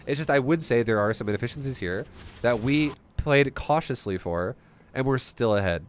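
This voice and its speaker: A man streaming a strategy game, explaining his play in an animated, swearing, rhetorical way. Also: medium pitch, moderate pace, slight background noise. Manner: animated, profane, rhetorical questions. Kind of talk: live-stream commentary.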